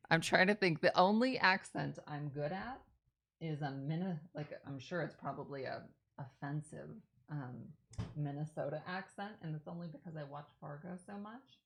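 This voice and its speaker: Woman, live stream host, low voice, a bit of vocal fry, chatty, rambling, self-correcting. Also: moderate pace, fairly bright tone, poor audio. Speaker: live stream host answering viewer questions. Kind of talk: casual chat. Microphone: streaming setup while working on a craft.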